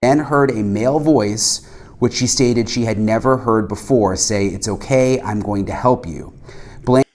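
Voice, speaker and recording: Male reader, low-pitched, measured delivery of a police report. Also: darkish tone. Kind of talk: reading a document aloud.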